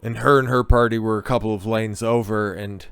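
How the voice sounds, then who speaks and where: A man's voice: fairly low pitch, steady tone, a little fast, creaky, fairly bright tone, clean tone, dry recording. A man giving crude, profane, rambling commentary and stories, often tagging his sentences with "okay?". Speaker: online commentator. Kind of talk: ranting commentary and storytelling.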